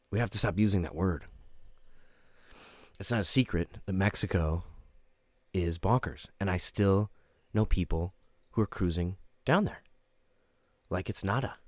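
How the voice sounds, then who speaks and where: Low-voiced podcast host guy, dry sound, swears a lot, gets worked up. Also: a little mellow, dry recording. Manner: profane, emphatic ranting. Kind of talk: casual commentary.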